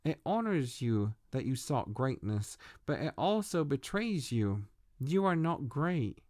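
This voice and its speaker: A man's voice: mid-range voice, very animated, takes it slowly, a little mellow, no echo, clean studio sound. A man voicing a stern male prophet who lectures severely, in a book reading. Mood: gloomy.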